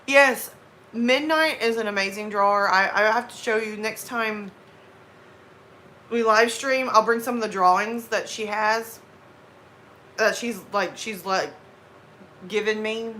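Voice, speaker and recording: A woman's voice: a little high, unhurried, pauses often, pushed and bright, slight background noise. A woman from the American South with a light Southern accent, chatting casually and laughing with her live stream viewers. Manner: chatty, laughs often, slips into drawled Southern phrases.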